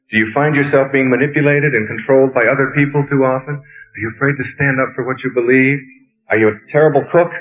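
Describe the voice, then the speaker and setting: Animated male lecturer, tinny phone-like sound. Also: mid-range voice. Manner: animated, asks the audience rapid questions. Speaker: motivational lecturer. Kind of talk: storytelling lecture.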